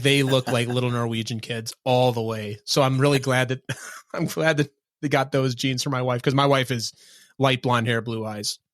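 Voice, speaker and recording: Man, podcast host, from Minnesota, casual, friendly, self-deprecating, mid pitch, dry close sound. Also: a bit bright, no room sound. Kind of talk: casual interview chat.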